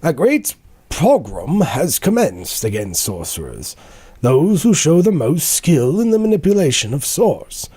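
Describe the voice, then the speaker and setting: A man's voice: on the high side, sing-song, warm tone, breathy edge, full character voice. A man doing a grave nature-documentary narrator voice. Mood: solemn. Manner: slow, dramatic storybook delivery. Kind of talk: reading game lore aloud.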